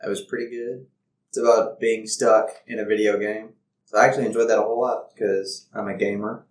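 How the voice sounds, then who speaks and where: A man's voice: fairly low pitch, level tone, fairly quick, recorded from a distance. Joking man in an echoey room. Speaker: podcast co-host. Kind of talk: casual chat. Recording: roomy echo.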